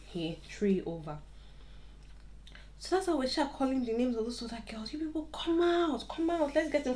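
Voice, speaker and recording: Young woman gisting a storytime at home, repeats stuff for emphasis, laughs a lot. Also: mid-range voice. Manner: chatty, repeats words for emphasis, laughs often. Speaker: vlogger telling a story. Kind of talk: casual storytime while styling hair.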